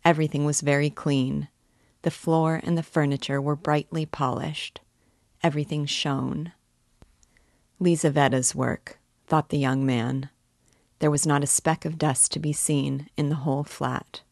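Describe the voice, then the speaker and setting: A woman teacher narrating a classic novel as an audiobook, in a measured, clear manner. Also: low-pitched, flat delivery, a little mellow, no room sound, studio quality. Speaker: literature teacher and reader.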